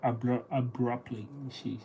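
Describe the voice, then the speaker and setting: A person in a casual solo monologue, reading aloud and practicing vocabulary. They talk haltingly, restarting often and sounding out words while thinking aloud. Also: medium pitch, little pitch movement, warm tone, a little hiss or hum, rough recording.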